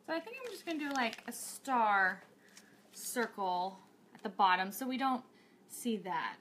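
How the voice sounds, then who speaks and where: A woman's voice: on the high side, big pitch swings, measured pace, a bit bright, slight background noise. A woman hosting a cake decorating tutorial livestream, bubbly and chatty, thinking aloud as she works.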